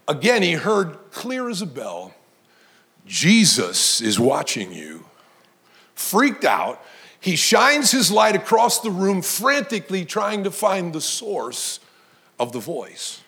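Male pastor with a high voice, preaching with emphatic build-ups. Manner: storytelling preacher, emphatic, rising to shouts. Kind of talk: sermon.

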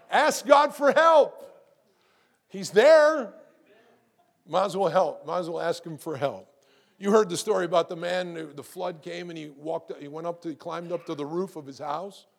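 A middle-aged man preaching a sermon to his congregation, lively and conversational, asking rhetorical questions and often repeating words. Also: high voice, measured pace, vocal fry, long pauses. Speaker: pastor.

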